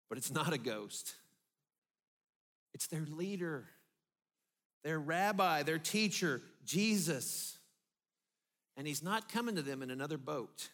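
Male pastor, higher voice, vivid sermon storytelling. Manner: vivid storytelling, drops low and soft for emphasis.

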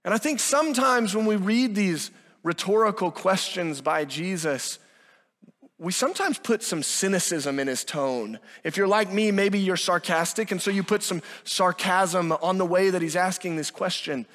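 A man with a high voice preaches a sermon with emphatic delivery, acting out the lines of the people he quotes. His voice carries a long reverb, as if he is speaking in a large hall. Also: expressive, normal speed, fairly bright tone. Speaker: pastor.

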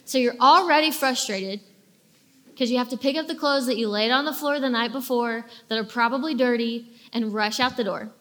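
A young woman with a slightly high voice tells a relatable story to a room of teens. She speaks casually and with animation, dropping into short acted-out lines along the way. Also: moderate pace. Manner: animated, acts out little quoted lines. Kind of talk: casual storytelling talk to a youth audience.

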